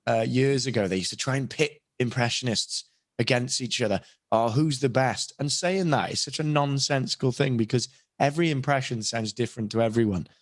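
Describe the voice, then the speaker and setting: A man's voice: medium pitch, brisk, no room sound, clean studio sound. A young British man with a British accent, a voice actor and impressionist chatting on a podcast in a rambling, self-deprecating way with many restarts. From Britain. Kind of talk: casual podcast chat.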